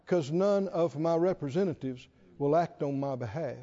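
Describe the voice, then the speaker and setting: A man preaching a sermon, animated and laughing often, drawing call-and-response from the congregation. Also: on the high side, normal speed. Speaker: pastor. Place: large church hall with congregation. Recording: dull lo-fi hall recording.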